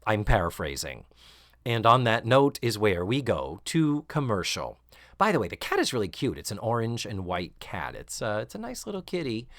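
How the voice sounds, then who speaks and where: A man hosting a podcast, recapping a sitcom episode casually and sarcastically, acting out quoted lines in higher voices. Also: normal speed, no echo, studio quality. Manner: animated, sarcastic, acts out quotes with rising shrieks. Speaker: podcast host.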